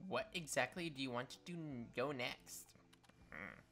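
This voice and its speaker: A man bantering during a game playthrough in a deadpan, teasing way. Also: medium pitch, a little slow, faint music behind. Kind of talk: casual let's play banter.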